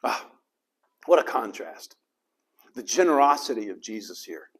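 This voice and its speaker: A man's voice: medium pitch, sing-song, measured pace, a bit bright, husky. Dramatic preaching pastor, man. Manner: dramatic, acts out the crowd's and Jesus' lines. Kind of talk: sermon.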